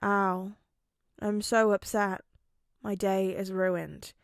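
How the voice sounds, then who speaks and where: Brief: woman playing a deadpan teen boy, monotone, slow. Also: mid-range voice, no echo, clean studio sound, close to an everyday voice. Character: calm deadpan teenage boy.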